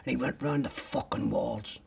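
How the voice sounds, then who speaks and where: A man's voice: mid-range voice, fairly even intonation, moderate pace, gravelly, a little mellow, slightly rough, far from the mic. An older man from Ireland bluntly retelling his own arrest in vivid first-person detail, swearing freely. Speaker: interviewee recounting his arrest.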